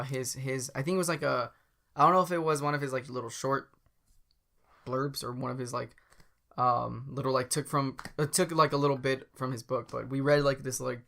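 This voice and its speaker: A man's voice: medium pitch, fairly even intonation, normal speed, vocal fry, pushed and bright. A man co-hosting a podcast in casual chat, rambling with lots of fillers and restarts. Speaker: podcast co-host.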